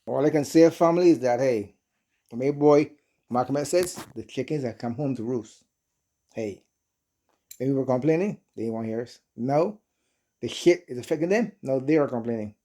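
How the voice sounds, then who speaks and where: A man's voice: mid-range voice, moderate pace, pauses often, warm tone. A man hosting a reaction channel, talking bluntly and repeating his points, swearing freely. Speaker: channel host reacting to clips. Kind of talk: casual reaction commentary.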